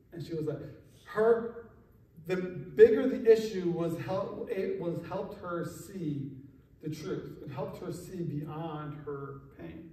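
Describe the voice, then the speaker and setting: A man preaching a sermon as pastor, telling stories in a lively, animated way and laughing often. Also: a little high, slight background noise. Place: church sanctuary. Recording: echoey hall, mic from far off.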